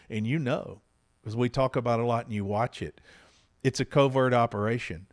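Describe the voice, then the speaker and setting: Middle-aged male host, earnest and reflective, medium pitch. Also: brisk. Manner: earnest, reflective and openly heartfelt. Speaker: podcast host. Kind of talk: candid conversation with his spouse.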